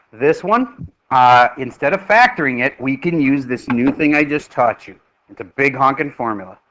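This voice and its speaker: A middle-aged man teaching a math class, lively and joking as he quizzes his students. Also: a little high, a little hiss or hum, rough recording.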